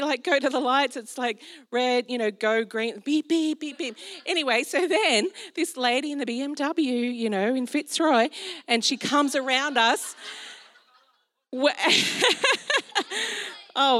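Animated woman preaching. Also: on the high side. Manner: animated, storytelling with acted-out asides. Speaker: pastor. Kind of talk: sermon.

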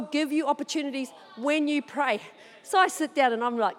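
A woman preaching, telling a personal story with animated, excited delivery. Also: high voice, moderate pace, big-room sound.

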